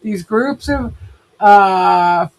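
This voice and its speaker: A woman's voice: mid-range voice, very slow, over a noisy crowd. Chatty New woman host. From New York. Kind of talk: casual stream chat.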